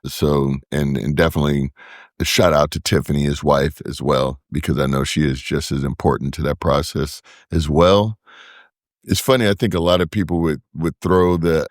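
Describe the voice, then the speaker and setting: Man, very low voice, relaxed interview chat, stumbles and repeats words, dry close sound. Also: normal speed, no echo. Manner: relaxed, repeats words while searching for names. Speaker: podcast guest, brewery co-founder. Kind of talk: casual interview talk.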